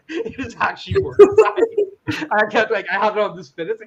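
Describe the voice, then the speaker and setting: A man's voice: sits high, very animated, quick pace, dull audio. A man chatting casually, rambling, laughing often and swearing as he talks. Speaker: podcast guest. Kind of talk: casual chat.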